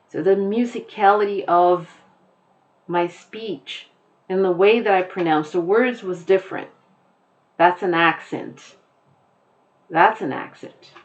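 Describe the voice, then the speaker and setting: A woman with an American accent teaches a lesson in a mid-range voice, explaining things deliberately and going back over her main points. The audio sounds dull.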